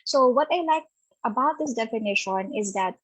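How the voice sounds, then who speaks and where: A woman's voice: on the high side, lively intonation, normal speed, breathy edge, no echo, poor audio. A woman with a Filipino accent giving an interactive online webinar on self-care, reading out participants' typed answers and affirming them with frequent "okay" and "ayan".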